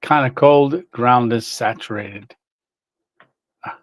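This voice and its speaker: A man's voice: mid-range voice, slow, no echo. A man hosting a casual livestream, reading chat, greeting viewers by name and laughing often.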